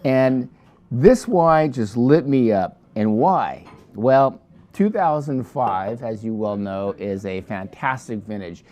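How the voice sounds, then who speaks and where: Rambling, mellow-voiced male wine seller. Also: mid-range voice, expressive, slow pace. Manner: rambling, digressive, many restarts. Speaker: wine shop presenter. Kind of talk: casual wine review and sales pitch.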